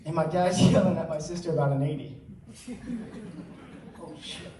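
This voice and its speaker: A man's voice: a little high, steady tone, quick pace, mellow. A young man giving an earnest personal talk to an audience, telling stories with joking asides. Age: teens. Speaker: student speaker. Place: large hall with audience. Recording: roomy hall sound, mic at a distance.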